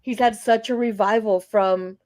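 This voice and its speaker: A woman's voice: medium pitch, fairly even intonation, measured pace, a little mellow. A woman co-hosting a casual wrestling chat podcast, speaking in a gushing, emotional way and swearing often. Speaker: podcast co-host.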